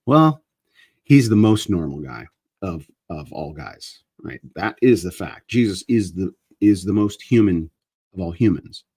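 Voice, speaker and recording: A man with a low, husky voice holds forth on a live stream, wandering from one thought to the next and restarting his sentences. He holds his own microphone. The sound is dry and close, with no room around it. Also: warm tone, no room sound. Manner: meandering, self-interrupting, restarts sentences. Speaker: host of a live chat stream. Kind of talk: rambling casual monologue. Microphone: handheld microphone he moves around.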